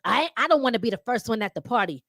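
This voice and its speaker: A middle-aged woman with a blend of Philadelphia and New York accent talks straight to her viewers in a blunt, slangy monologue, laughing often. Her voice sits high and swoops widely in pitch. The sound is close and dry. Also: animated, very fast, fairly bright tone, no echo. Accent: mix of Philadelphia and New York. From Philadelphia, USA. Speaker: talk show host.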